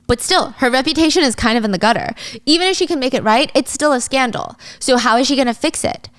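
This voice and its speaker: A woman's voice: sits high, quick pace, dry recording. A woman in a casual, chatty recap of a drama plot. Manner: chatty, animated.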